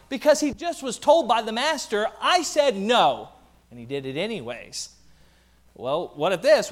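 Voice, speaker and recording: A male pastor preaching a sermon, animated, with playful asides and acted-out quotes. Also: on the high side.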